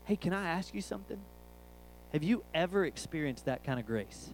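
A man's voice: fairly high pitch, expressive, moderate pace, a little hiss or hum, poor audio. A man, preaching a sermon through a rambling, jokey family story.

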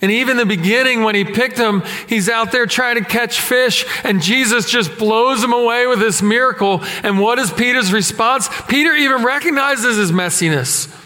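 A man preaching with a high, bright, forceful voice. He tells self-deprecating stories in a lively, animated way. His voice carries a long reverb from a large hall. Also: moderate pace, few pauses. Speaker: pastor. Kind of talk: sermon with personal stories.

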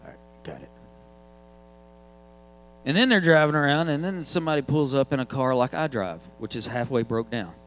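A man's voice: mid-range voice, quick pace, few pauses, a bit bright, slight background noise, rough recording. A man, preaching in a casual, joking storytelling way. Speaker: guest preacher. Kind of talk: sermon storytelling.

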